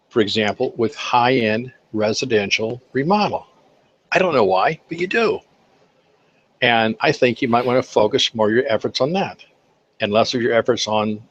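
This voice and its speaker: An older man tells folksy business anecdotes in a relaxed interview, acting out the voices of the people in his stories. His voice sits at an everyday middle pitch. The recording sounds a little dull and lo-fi. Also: slightly rough. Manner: folksy, animated anecdotes with acted-out quotes. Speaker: guest, accounting firm owner for contractors. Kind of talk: casual interview storytelling.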